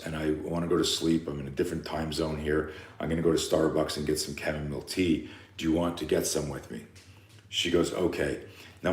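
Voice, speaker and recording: A man speaking at a live seminar, telling a parenting story with lively acted-out quotes and talking straight to the parents in the audience. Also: deep voice, roomy sound. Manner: animated storyteller, acts out quotes, addresses parents directly. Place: seminar room.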